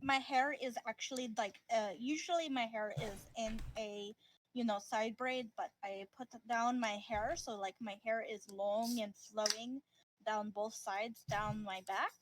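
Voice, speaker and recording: A woman's voice: fairly high pitch, steady tone, unhurried, slight background noise, rough recording. A woman playing a tabletop game over a call, rambling with lots of fillers. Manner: rambling, lots of "like" and "you know". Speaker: player. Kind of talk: casual play over a call.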